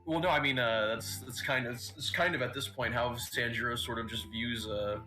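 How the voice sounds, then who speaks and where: Bright-voiced man, halting player talk. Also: mid-range voice, steady tone, soft background music. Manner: halting, many restarts. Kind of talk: casual chat.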